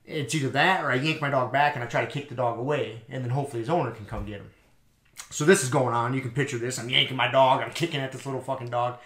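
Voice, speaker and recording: A man hosting a podcast, telling a story in a casual, animated way, swearing and acting out both sides of an argument. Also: medium pitch, fast, echoey room. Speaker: podcast host.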